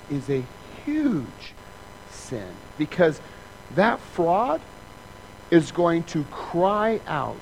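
A male pastor preaches with a lively voice that swings high and low, slipping into little acted scenes and sound effects as he goes. He checks in with "right?" again and again, and a faint hum of noise sits under the recording. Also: rough recording. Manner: conversational, asks "right?" often. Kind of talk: sermon.

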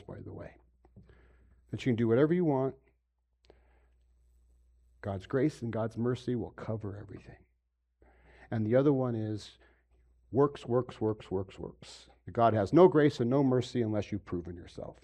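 A pastor giving a sermon, moving from quiet stretches to loud, emphatic preaching and asking his congregation questions. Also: mid-range voice, normal speed, pauses often. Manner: asks the audience questions. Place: room with a congregation.

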